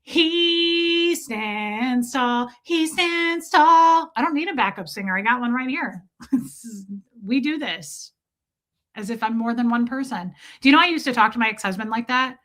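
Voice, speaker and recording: Hoarse woman livestreamer, sardonic asides. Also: on the high side, fairly bright tone. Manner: sardonic, profane, slow drawn-out singing between quick asides. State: hoarse, voice worn from a long call. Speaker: livestream host. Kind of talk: casual livestream chat with mock singing.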